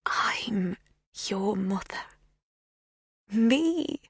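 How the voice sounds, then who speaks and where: Brief: hushed breathy middle-aged woman, cajoling and intimate, slow, read by a woman narrator. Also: mid-range voice, animated, no echo, clean studio sound, voice pushed up, heavily acted. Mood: tender. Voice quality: breathy whisper. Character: intense middle-aged woman claiming to be a mother. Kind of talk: audiobook dialogue.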